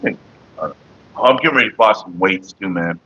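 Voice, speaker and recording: A man's voice: low voice, fairly quick, muffled recording, slight background noise. A man chatting casually and profanely on a morning livestream, rambling to his viewers and his partner. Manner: sings loudly and off-key at times. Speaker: vlogger.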